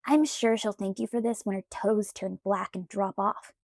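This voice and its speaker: A woman's voice: mid-range voice, steady tone, moderate pace, darkish tone, dry recording, studio quality, lightly acted. A woman voicing a cocky young shapeshifter man who talks in a breezy, teasing way in an audiobook.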